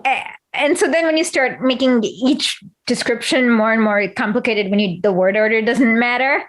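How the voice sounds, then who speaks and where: A woman's voice: fairly high pitch, moderate pace. Giggly, eager woman host. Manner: giggly, restarts often, explains eagerly. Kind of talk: casual chat.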